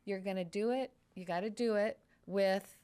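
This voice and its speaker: Animated woman host telling a trial story. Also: medium pitch, moderate pace, clear, resonant tone. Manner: animated, storytelling, reenacts quotes. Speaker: podcast host and trial lawyer. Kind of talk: casual podcast conversation.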